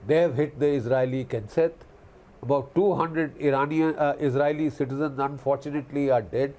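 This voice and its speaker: A man's voice: mid-range voice, steady tone, brisk, a little mellow. A man giving impassioned commentary on a TV news panel, repeating key phrases for emphasis. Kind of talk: impassioned televised debate commentary.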